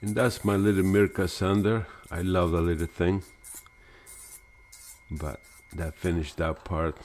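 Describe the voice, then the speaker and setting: A man hosting a woodturning channel, talking through his project in a relaxed, rambling voice-over with fillers. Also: low-pitched, a little slow. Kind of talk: casual voice-over narration.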